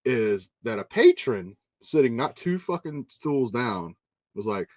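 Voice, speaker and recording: A man's voice: medium pitch, sing-song, unhurried, a little mellow. A podcast host, a married man with kids, chatting casually and cursing freely while telling a story. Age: adult with children. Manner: profane, storytelling. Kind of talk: casual chat.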